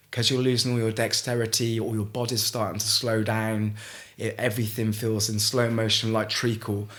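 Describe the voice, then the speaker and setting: A middle-aged man from Gloucester, telling a story as a podcast guest in a halting way, with frequent restarts. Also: on the low side, fairly bright tone. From Gloucester, England. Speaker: guest, ice swimmer. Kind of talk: casual storytelling in a podcast interview.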